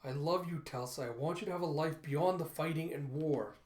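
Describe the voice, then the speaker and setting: A man's voice: a little high, brisk, a little mellow, echoey room, natural voice. A man voicing a stern, protective middle-aged father.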